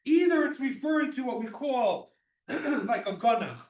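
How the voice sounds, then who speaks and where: This very high-voiced male teacher leads a religious law class, speaking in an animated but slightly slow way with a darkish tone. He is patient, repeating and restarting as he goes, and the distant mic picks up a lot of room echo.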